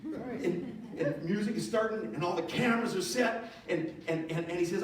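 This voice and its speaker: A male pastor preaching a sermon with animated, playful storytelling. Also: high voice, normal speed. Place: church auditorium. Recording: echoey church hall, distant mic.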